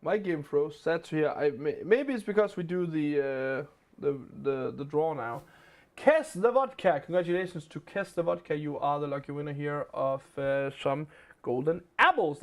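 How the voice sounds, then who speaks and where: A young man with a Danish accent, hosting a live game stream in casual, chatty talk and laughing often. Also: high-pitched.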